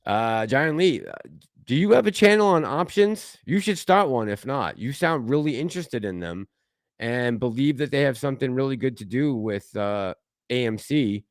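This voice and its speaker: Casual livestream host reading chat. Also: male voice, mid-range voice, animated, normal speed, no room sound, clean studio sound. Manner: chatty, reads viewer comments aloud and reacts.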